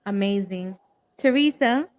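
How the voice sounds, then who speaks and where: A woman's voice: mid-range voice, unhurried. A woman hosting a talk show on a video call, asking the guest encouraging questions. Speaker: host. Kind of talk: interview questions.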